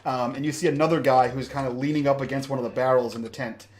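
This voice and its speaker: A man narrating as game master of a tabletop game, halting with many fillers. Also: medium pitch, fairly even intonation, darkish tone, slight background noise. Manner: halting, with many ums and uhs.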